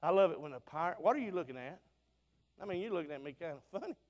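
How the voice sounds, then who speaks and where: High-voiced Southern preacher in a big hall. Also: male voice, lively intonation, fast talker. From Alabama. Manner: fervent, plain-spoken, swings between loud bursts and soft asides. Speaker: visiting preacher. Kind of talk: revival sermon. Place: church auditorium. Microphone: church sound system mic. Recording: long auditorium reverb.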